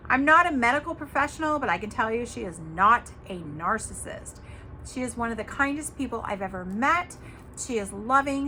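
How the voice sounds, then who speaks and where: A woman's voice: a little high, sharp tone, a little hiss or hum. A woman hosting her own podcast, talking casually and emphatically to viewers, giving tough-love advice with the odd cuss word. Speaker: podcast host.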